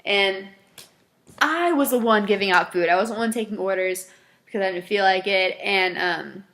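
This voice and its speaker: A woman vlogger telling stories from her fast food job in a casual, animated way, laughing often and acting out her customers. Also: mid-range voice. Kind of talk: casual storytelling to camera.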